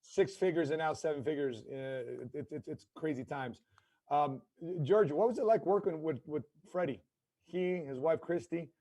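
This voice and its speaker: A man's voice: on the high side, normal speed, mellow. A man hosting a podcast, playful and joking with his guests. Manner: playful, laughing. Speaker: podcast host. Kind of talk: casual podcast interview.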